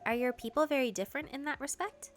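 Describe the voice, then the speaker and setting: A woman voicing a calm, thoughtful barista in gentle, measured tones, reading game dialogue. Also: high voice, soft background music, pitched above the performer's own voice, close to an everyday voice. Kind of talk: game dialogue read-through.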